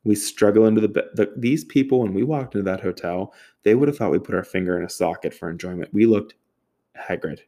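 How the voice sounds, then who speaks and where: Young man, deep voice, casual sarcastic storyteller who swears freely. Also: fast talker, mellow. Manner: profane, sarcastic, exasperated.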